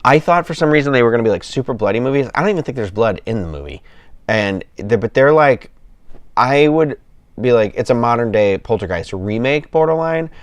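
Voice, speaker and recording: A man's voice: mid-range voice, lively intonation, brisk, smooth, no room sound. A man hosting a casual livestream, chatting with his viewers in a rambling, enthusiastic way, full of fillers and restarts, a little tired. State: yawning, tired. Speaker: livestream host.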